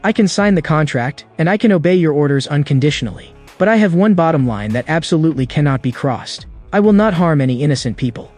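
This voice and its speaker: A man's voice: on the high side, lively intonation, fast, hardly any pauses, a little mellow, faint music behind, lightly acted. A man voicing a cold, bitter undead knight spirit in a story recap. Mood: solemn. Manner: cold and grim.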